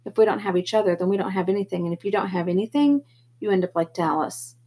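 A gentle teenage boy pleads with his brothers in an audiobook, as a woman reader puts him on. The voice is breathy and mid-pitched, earnest rather than theatrical. He sounds torn and sincere. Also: fast talker, close to an everyday voice. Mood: tearful. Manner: earnest, pleading, a bit higher and louder than her narration. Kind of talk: audiobook character reading.

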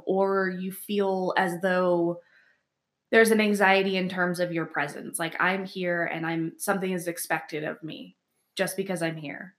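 A woman co-hosting a casual podcast, her voice slightly low for a woman. She explains psychological terms in a measured, clinical way. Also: a bit bright. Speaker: podcast co-host. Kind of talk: casual chat.

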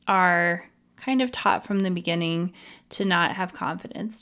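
A woman's voice: on the low side, creaky, a bit bright. A woman hosting a podcast, telling her own story in a candid, emotional, confessional way. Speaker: podcast host.

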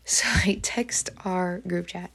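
Woman teacher, diary-style vlog; lowish pitch, lots of fry; rambling, emotional, open. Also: fairly even intonation, slow, a bit bright. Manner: rambling, full of fillers; emotional, confessional. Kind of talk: personal diary talk.

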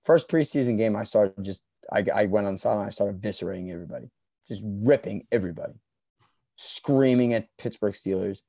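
A young man telling a story in a loose, profane way, mumbling at times and then breaking into shouts. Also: on the low side, vocal fry, husky, dry recording. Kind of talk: casual storytelling.

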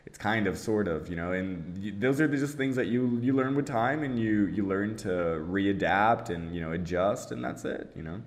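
Brief: very low-voiced guy in his twenties, laid-back chat full of "you know". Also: moderate pace, hardly any pauses. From Brazil. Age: 20s. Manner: relaxed, peppered with "you know" and "like". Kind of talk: casual chat.

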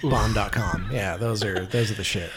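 A man hosting a casual comedy podcast, jokey and animated, swearing freely. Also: lowish voice, normal speed, over a noisy crowd. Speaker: podcast host. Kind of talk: casual chat.

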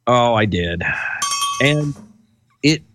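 Jokey, animated male podcast co-host. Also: medium pitch, drawn-out words, noisy background. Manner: jokey, animated, laughs often. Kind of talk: casual podcast banter.

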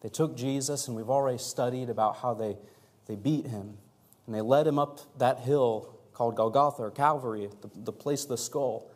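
A man preaching a sermon as pastor in a church, earnest, rising and growing louder for emphasis, asking the congregation to join in. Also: mid-range voice, normal speed. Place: church sanctuary.

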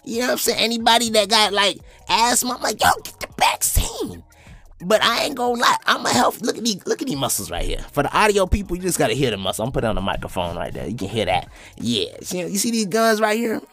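A young man in his twenties hosts his own comedy podcast, talking in a loose, profane monologue. His voice is bright and a bit high for a man. He leaps around in pitch and slips into squeaky impressions, while faint music plays underneath. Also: very animated, quick pace, hardly any pauses. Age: 20s.

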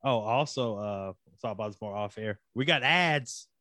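A man's voice: lowish voice, normal speed, sharp tone, no room sound. A man hosting a podcast in casual chat, joking and teasing his co-host.

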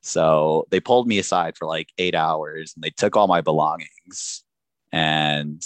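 A man telling a travel story in casual chat, animated and laughing often. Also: extremely low pitch, measured pace, dry recording.

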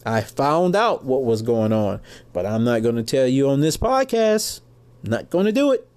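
A man's voice: medium pitch, sing-song, moderate pace, a little mellow, smooth. A middle-aged American man hosting a podcast, ranting angrily and with heavy profanity about politics. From United States. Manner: angry, profane, emphatic ranting. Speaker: podcast host. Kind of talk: political rant.

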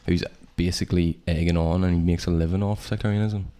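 Flat, deep young Northern Irish man. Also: fast. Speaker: podcast co-host. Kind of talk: casual chat.

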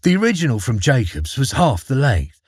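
A man narrating a folk tale in a playful, expressive storytelling manner. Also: mid-range voice, a little fast, slightly rough, no echo, clean studio sound.

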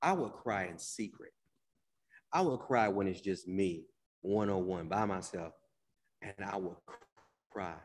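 Male preacher mid-sermon; soft drawn-out lines that flare into loud emphatic bursts, names people in the pews, long hall reverb. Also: low-pitched. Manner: drawn-out, repeated phrases, addresses listeners by name.

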